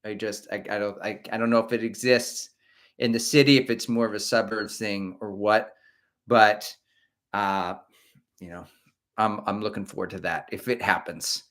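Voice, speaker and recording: A man's voice: fairly low pitch, steady tone, normal speed, a bit bright. A middle-aged man hosting a casual livestream, rambling and chatty as he reads out viewer comments. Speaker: host of a running livestream.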